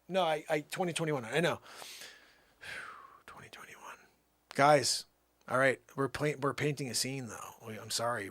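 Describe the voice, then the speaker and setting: Livestream host, male, animated and high-pitched, casual and defensive. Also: dry recording, studio quality. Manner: defensive, rambling, talks to chat.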